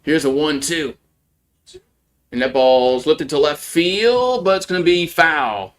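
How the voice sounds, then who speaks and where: A man calling a softball game play by play on a live stream from home, in a casual, chatty way. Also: on the high side, expressive, slow pace. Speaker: play-by-play commentator. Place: at home with a barking dog.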